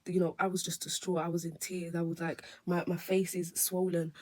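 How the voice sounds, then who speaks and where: A woman's voice: lowish voice, flat delivery, brisk, darkish tone. A woman who works as a nail technician, telling a story on her vlog in a rambling, emotional way with many restarts. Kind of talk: storytime vlog recounting an incident.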